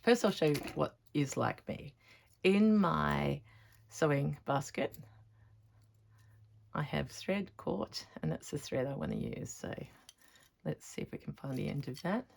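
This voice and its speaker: Slow, low-voiced woman with gravelly fry. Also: very animated, slight background noise. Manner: chatty, thinks aloud while working. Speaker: textile artist showing her stitching. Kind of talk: casual crafting vlog.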